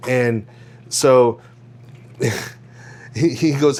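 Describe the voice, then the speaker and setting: A man's voice: mid-range voice, moderate pace. A man from Houston hosting a casual podcast, rambling through a story with restarts and frequent laughs. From Houston, Texas. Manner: rambling, self-correcting storyteller who laughs often. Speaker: podcast host.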